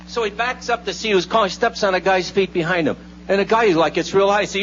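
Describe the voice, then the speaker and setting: A man's voice: sits high, fast, fairly bright tone. A male comedian telling jokes live at a hotel in a loose, rambling way, with lots of fillers. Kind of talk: stand-up storytelling. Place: hotel showroom, in front of a live audience. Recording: muffled live radio with faint hum.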